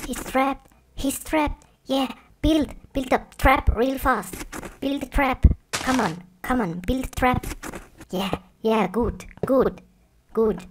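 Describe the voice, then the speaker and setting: A woman voicing an eager little pig in an animated cartoon, urging on with repeated words. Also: sits high, takes it slowly, slight background noise. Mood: excited. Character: excited little pig cheering on a trap.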